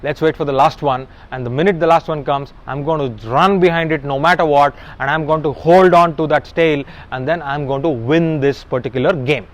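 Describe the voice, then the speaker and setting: A man's voice: on the high side, steady tone, a little fast, few pauses, close to an everyday voice. A man voicing a nervous young village suitor who talks hesitantly, half to himself.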